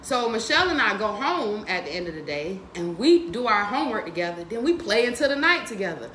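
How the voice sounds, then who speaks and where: Animated, foul-mouthed woman storyteller. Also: medium pitch, fairly quick, echoey room, a little hiss or hum. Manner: animated, profane, laughs a lot. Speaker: host of a book reading stream. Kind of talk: casual storytelling and book discussion.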